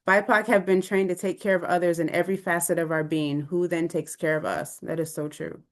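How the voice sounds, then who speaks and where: Lively low-voiced woman on a video call. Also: normal speed. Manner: animated, conversational, reacts openly. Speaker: webinar co-presenter. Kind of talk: live online presentation discussion.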